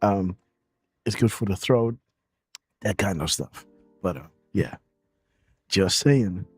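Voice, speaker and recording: A man's voice: sits low, lively intonation, takes it slowly, slightly rough, dry recording, soft background music. A man hosting a live stream, chatting casually in a rambling way, with many fillers and frequent laughs. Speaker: show host.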